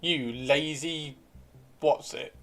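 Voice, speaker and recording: A man's voice: fairly high pitch, steady tone, extremely slow, a bit bright. A man hosting a casual livestream, reading out viewer comments, playful and chatty, swearing freely and repeating himself. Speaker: livestream host.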